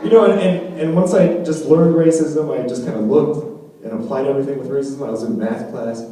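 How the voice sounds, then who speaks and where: Brief: young male stand-up comic, casual and profane, mellow tone, distant echoey club recording. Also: medium pitch, brisk. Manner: rambling, profane, peppered with "you know". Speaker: stand-up comedian. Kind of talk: stand-up comedy set. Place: comedy club stage.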